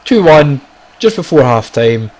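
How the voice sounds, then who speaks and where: A man giving casual, excitable commentary on his own football video game, talking to viewers as guys and lads. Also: a little high, a little slow, rough recording. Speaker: gaming YouTuber. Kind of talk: casual live gameplay commentary.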